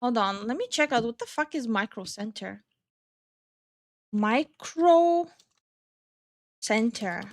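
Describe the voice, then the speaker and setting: A woman's voice: a little high, normal speed, hardly any pauses, a bit bright. A young woman streaming live from New Jersey, reading chat aloud, who stutters and swears freely while reacting to her viewers. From New Jersey, USA.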